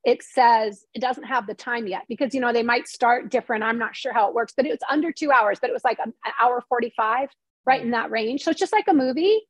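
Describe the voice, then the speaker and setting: High-voiced, chatty woman storyteller. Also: fast talker, no room sound. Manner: animated storytelling, acts out quoted dialogue. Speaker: interview guest, novelist and screenwriter. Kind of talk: casual interview chat.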